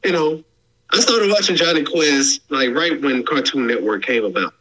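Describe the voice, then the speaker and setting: An animated man co-hosts a podcast, rambling along with restarts. His voice is bright and a little high, and it leaps up and down lively. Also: normal speed, low-quality recording. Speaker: podcast co-host. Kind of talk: casual chat.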